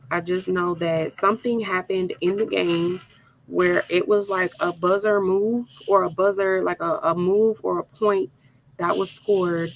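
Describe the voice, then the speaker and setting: A woman tells a story in a casual, dramatic way while she crafts, speaking straight to her viewers. Her voice sits at an ordinary pitch with a lot of gravelly fry. A faint hum of room noise runs underneath. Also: low-quality recording. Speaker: crafting channel host.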